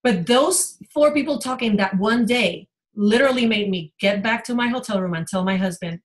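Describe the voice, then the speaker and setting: A woman's voice: mid-range voice, moderate pace, few pauses, poor audio. A woman health coach giving an emotional, rambling personal testimony on a team video call.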